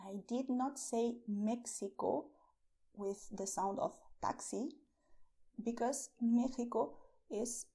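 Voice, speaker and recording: Slow, gravelly-voiced woman teaching Spanish words. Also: on the high side, warm tone. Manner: slow, careful word-by-word pronunciation with frequent "okay?" checks. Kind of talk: language lesson for beginners.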